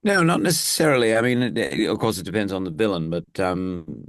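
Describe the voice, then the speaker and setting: A man's voice: low-pitched, animated, brisk, no room sound, clean studio sound. A man, an actor and impressionist, chatting as an interview guest in a rambling, easygoing way with easy laughs. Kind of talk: casual interview chat.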